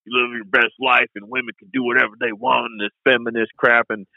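A man's voice: mid-range voice, flat delivery, fast talker, creaky, dry recording. Rambling man on a tinny line. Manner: rambling, full of "you know". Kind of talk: casual podcast chat.

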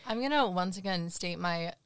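Smooth-voiced woman podcast co-host. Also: lowish voice, lively intonation, dry recording. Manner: blunt opinions, quick bursts. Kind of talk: casual recap chat.

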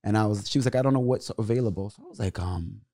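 A young adult man, a comedian guest, telling a story in a casual, animated way, his voice jumping loud and high when he acts out scenes. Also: rapid-fire.

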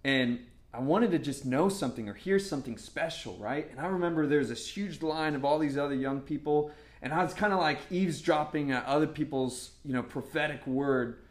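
A man preaching a casual sermon, chatty and full of fillers and repeated words, bursting into excitement as he tells stories. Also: fairly high pitch, fairly quick, few pauses. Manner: storytelling with sudden excited outbursts. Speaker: pastor.

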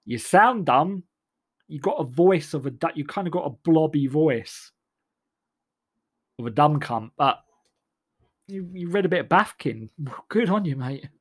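A man's voice: fairly high pitch, animated, measured pace, long pauses, slightly rough. A man putting on a condescending, mocking voice of a posh male comedy writer. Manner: patronising, mocking.

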